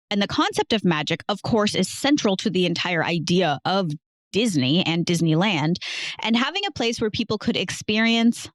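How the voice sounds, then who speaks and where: A woman's voice: mid-range voice, no echo, clean studio sound. A woman hosting a casual podcast, playfully telling a history story to her co-host and laughing easily.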